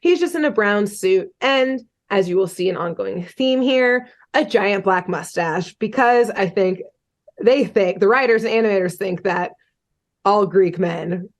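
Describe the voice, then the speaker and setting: A woman's voice: medium pitch, a little slow. A woman podcast host casually retelling a cartoon episode, chatty and loose, with lots of "um" and "like" and the odd swear word. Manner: chatty, swearing, many fillers like "um" and "like".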